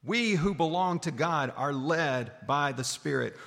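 A man preaching a sermon, animated, swinging from loud calls down to low, quiet lines. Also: normal speed, creaky, hardly any pauses. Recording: long hall reverb.

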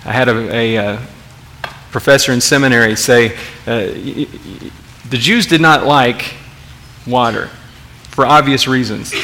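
A man's voice: mid-range voice, pushed and bright, a little hiss or hum. A man preaching a sermon as pastor, emphatic, asking the congregation rhetorical questions and often repeating words as he restarts.

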